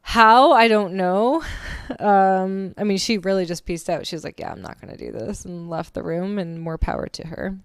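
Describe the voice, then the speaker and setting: A woman's voice: mid-range voice, steady tone, normal speed, clean tone, no room sound, clean studio sound. A woman co-hosting a casual book club podcast, chatty and laughing often as she acts out quotes. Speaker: podcast co-host.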